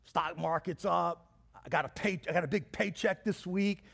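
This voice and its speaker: Brief: man, high voice, pastor giving a sermon, animated and playful, acts out quotes. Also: moderate pace, vocal fry. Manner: lively, joking preacher who acts out quotes.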